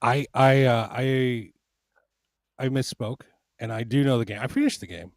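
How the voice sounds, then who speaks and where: A man's voice: medium pitch, normal speed, no room sound, studio quality. A man from Panama, a podcast guest chatting casually, often restarting and repeating words. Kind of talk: casual chat.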